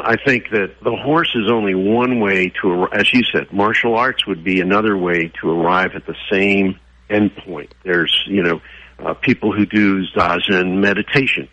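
A man's voice: low voice, moderate pace, dry recording, muffled recording. A man answering in an interview, telling stories and acting out the voices he quotes. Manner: animated, acts out quoted voices. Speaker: guest, horse trainer.

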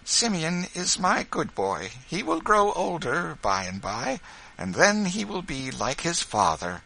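Man doing a sweet quaker mom voice, way higher than his own, slow and fond. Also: big pitch swings, creaky, bright, forceful tone, exaggerated voice, rough recording. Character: gentle smiling Quaker farm mother.

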